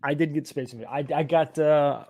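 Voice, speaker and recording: A man's voice: a little high, fairly quick, mellow, no echo, clean studio sound. A man from East Texas, hosting a casual livestream and rambling as he reads viewer comments aloud and answers them. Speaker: livestream host.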